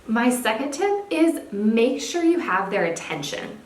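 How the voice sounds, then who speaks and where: A young woman, a speech therapist, giving parenting tips in a clear, upbeat teaching manner. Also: fairly high pitch, very animated, measured pace. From California. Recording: echoey room, faint background hiss.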